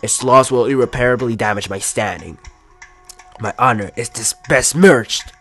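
Guy doing a stern british mob uncle, stiff and formal, middle pitch. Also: normal speed, fairly bright tone, faint music behind, lightly acted. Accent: put-on British. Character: stern scheming older male crime-family uncle.

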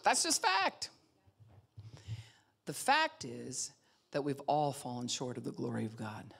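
Woman, pastor, sermon, low voice, very expressive pitch, animated delivery, acts out voices. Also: moderate pace, gravelly, slightly rough. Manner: animated, acts out quoted voices, laughs often.

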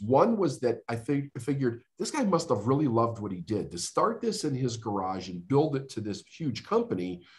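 A middle-aged man from the United States speaks as a podcast guest. His voice sits at an ordinary male pitch, and he tells his story in an earnest, heartfelt way, slowing down and pausing for weight. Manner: earnest, emotional storytelling with dramatic pauses. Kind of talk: storytelling interview.

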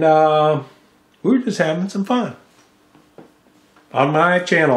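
A man's voice: mid-range voice, roomy sound. A man ranting angrily in a profane home vlog, cursing and mocking someone as he talks into a studio microphone. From United States. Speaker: vlogger. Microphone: studio microphone with mixing board.

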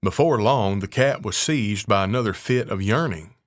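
A man reading a fairy tale aloud in a measured, unhurried way. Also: fairly low pitch, no echo, studio quality. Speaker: narrator.

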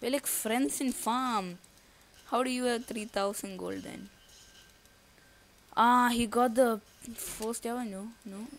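A woman's voice: a little high, takes it slowly, vocal fry, pauses often, a little hiss or hum. A woman giving casual live commentary on her own gameplay. She thinks aloud and breaks into nervous outbursts. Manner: casual slangy talk to viewers. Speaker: gaming YouTuber.

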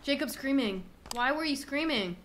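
Young woman streamer, high-ish, bright and lively; jumpy and giggly. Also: moderate pace, slight background noise. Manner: excitable, easily spooked, laughs often. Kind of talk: casual gameplay chat.

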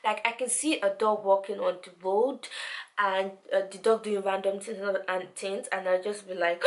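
A young woman chatting to camera as a vlogger, animated and repeating words for emphasis. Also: mid-range voice, moderate pace. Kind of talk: casual chat to camera.

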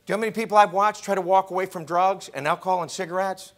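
A man preaching in a chapel, high-pitched and bright. He turns animated and loud, then drops to hushed whispers. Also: very fast, hardly any pauses. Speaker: pastor. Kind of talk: sermon. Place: college chapel.

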